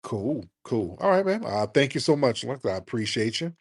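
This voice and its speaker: A man's voice: medium pitch, big pitch swings, moderate pace, breathy edge, dry recording. A male host runs a call-in talk show with a brash, blunt manner, teasing and grilling his callers. The sound is dry and close, with no room around it.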